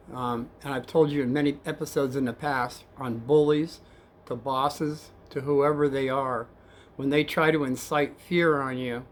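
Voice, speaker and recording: Soft-spoken rambling male storyteller. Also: on the high side. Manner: soft-spoken and rambling, addresses viewers as kids. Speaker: storyteller, former cab driver. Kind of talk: casual storytelling vlog.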